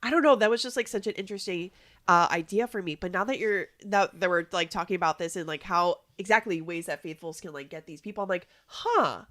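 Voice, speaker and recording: A woman's voice: fairly low pitch, a bit bright. A woman co-hosting a podcast in casual chat, agreeable and thinking aloud. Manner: agreeable, quick back-channel replies, thinks aloud. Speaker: podcast co-host.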